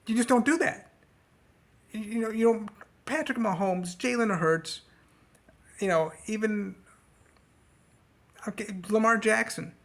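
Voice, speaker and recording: A man giving a casual, rambling sports rant to camera as a vlogger. He talks sarcastically and jumps into a high mocking voice. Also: a little slow, pauses often, a bit bright.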